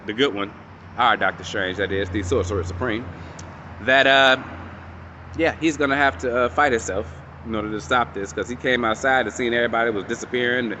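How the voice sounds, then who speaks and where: A man casually recapping and reviewing a show episode, animated and storytelling, acting out characters' lines and swearing freely. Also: medium pitch, brisk, slight background noise.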